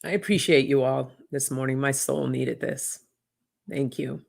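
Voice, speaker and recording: An oracle card reader hosting a casual livestream, chatting warmly with viewers, reading out their comments and getting emotional. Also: mid-range voice, fairly even intonation, a little slow, vocal fry. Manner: effusive, reads viewer comments aloud, gets emotional.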